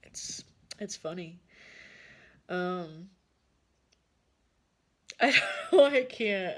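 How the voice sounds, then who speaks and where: A woman giving a casual tarot reading who laughs often and swears freely. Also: fairly low pitch. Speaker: tarot card reader.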